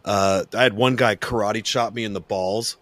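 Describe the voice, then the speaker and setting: A man's voice: on the low side, fairly even intonation, normal speed, fairly bright tone, no echo. Ranting, swearing male podcast host. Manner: ranting, profane, with many restarts. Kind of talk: casual chat.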